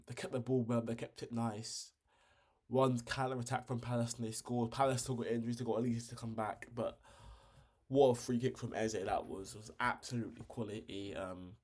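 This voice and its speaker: A man hosting a casual football review, blunt and slangy, with fired-up opinions and frequent pauses. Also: mid-range voice, a little mellow. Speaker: football channel host.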